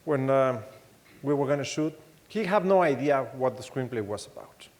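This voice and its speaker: A man with a Mexican accent giving a keynote talk, telling anecdotes in a halting way with many restarts and acting out the voices he quotes. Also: mid-range voice. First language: Spanish. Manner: animated storytelling, acts out quoted voices. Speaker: keynote speaker. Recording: long hall reverb.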